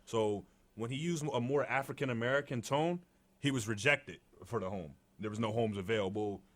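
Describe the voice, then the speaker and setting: Young male podcast co-host, deep voice, laid-back chat. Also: normal speed. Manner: relaxed, conversational, many fillers. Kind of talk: casual chat.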